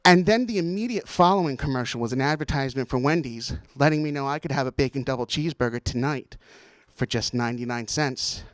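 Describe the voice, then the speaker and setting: A man's voice: fairly high pitch, quick pace, hardly any pauses, no room sound. A young man doing a stand-up routine in a college TV studio. He mocks himself and laughs at his own jokes. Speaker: stand-up comedian.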